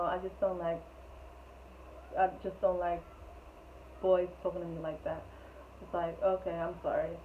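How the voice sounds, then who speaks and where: Young woman, casual storytime vlogger, chatty and rambling; low-ish voice, phone-thin audio. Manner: chatty, rambling, laughs often. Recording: tinny phone-like sound with faint noise.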